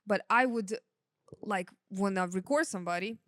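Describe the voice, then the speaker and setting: A woman's voice: medium pitch, moderate pace, a bit bright, no room sound, clean studio sound. A young woman, a sound engineer whose first language is not English, telling stories in a casual podcast chat, laughing often and using many fillers.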